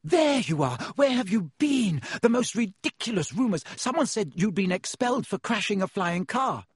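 A man reading an audiobook, voicing a bossy, excitable know-it-all schoolgirl who scolds in a rush. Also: mid-range voice, normal speed, slightly rough, dry recording, clean studio sound. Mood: urgent.

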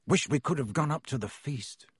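A man's voice: mid-range voice, moderate pace, breathy edge, no echo, clean studio sound. A man reading an audiobook, voicing an earnest young schoolboy in a plain, sincere tone.

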